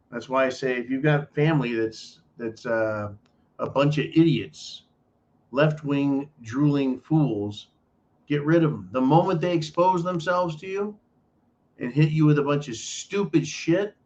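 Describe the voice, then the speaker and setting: A man's voice: mid-range voice, muffled recording. A man hosting a political commentary show, delivering an emphatic, profane ranting monologue with lots of repetition.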